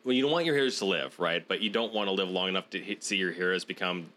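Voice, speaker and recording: A man's voice: low voice, fast, sharp tone. A man co-hosting a podcast in casual chat, rambling and restarting his thoughts. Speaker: podcast co-host.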